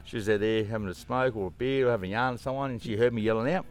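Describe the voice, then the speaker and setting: A man's voice: medium pitch, racing, soft background music. A man with an Australian accent, a guest telling a story in rambling casual conversation, swearing often and leaning on fillers.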